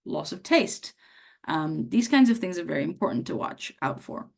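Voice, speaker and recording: Hoarse woman teaching medical students. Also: lowish voice, very animated, normal speed, darkish tone. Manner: conversational, acts out patient questions. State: hoarse from a cough. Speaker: medical lecturer. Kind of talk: teaching a workshop on history taking.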